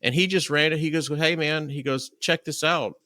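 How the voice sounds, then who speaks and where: A man's voice: a little high, moderate pace, no echo. Chatty man hosting a podcast. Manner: chatty, animated storyteller acting out quotes. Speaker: podcast host. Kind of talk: casual interview chat.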